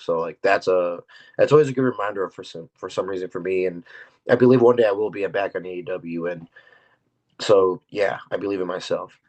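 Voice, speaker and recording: A young man, a professional wrestler, chatting loosely and excitedly as a podcast guest. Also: sits low, a little fast. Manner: loose and excitable, full of fillers and laughs, acts out dialogue. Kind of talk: casual interview chat. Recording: dull lo-fi audio.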